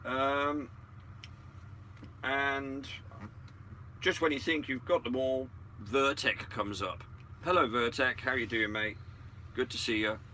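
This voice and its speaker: Host, chatty and sarcastic, crisp bright tone. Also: male voice, medium pitch, fairly even intonation, slow pace, long pauses, slight background noise. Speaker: channel host. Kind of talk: casual chat, greeting viewers.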